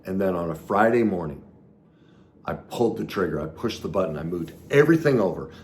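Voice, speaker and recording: A man with a very low voice hosts a solo podcast as a recovery coach. He talks in an earnest, coaching way, jumping into emphatic bursts and then dropping quiet. A faint background noise sits under the recording. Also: animated, a little fast. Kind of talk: solo podcast teaching talk.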